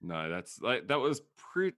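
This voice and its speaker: A man's voice: lowish voice, big pitch swings, unhurried, fairly bright tone, dry recording. An Australian man from Australia, a podcast guest chatting in an easygoing way and laughing often. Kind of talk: casual chat.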